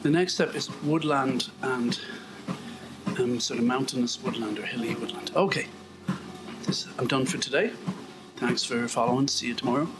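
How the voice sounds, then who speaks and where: A man's voice: medium pitch, normal speed, pauses often, music in the background, low-quality recording. A man vlogging in a wry, self-mocking, rambling way as he comments on a walking video. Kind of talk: casual commentary while watching a walk video.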